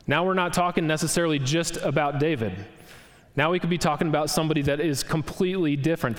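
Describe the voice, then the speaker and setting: A man's voice: fairly high pitch, in a large hall. A man pastor preaching an expository sermon, reading scripture aloud and explaining it verse by verse.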